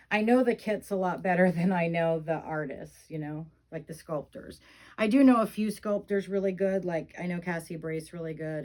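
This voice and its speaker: A middle-aged woman talking casually to her viewers in a slightly low voice. She rambles with plenty of fillers, venting her frustration before softening into fond, cooing remarks. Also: poor audio. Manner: rambling, frustrated venting, fond baby talk about the dolls. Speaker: reborn doll vlogger. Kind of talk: casual chat.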